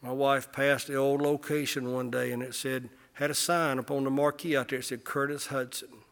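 A middle-aged man preaching a sermon, impassioned, swelling to loud peaks and often repeating his words. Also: medium pitch, level tone, normal speed, creaky. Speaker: pastor.

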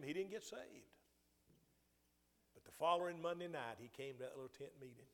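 A man's voice: fairly high pitch, animated, moderate pace, a bit bright. An older man preaching a sermon, telling a personal story with restarts and rising emphasis. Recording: long hall reverb.

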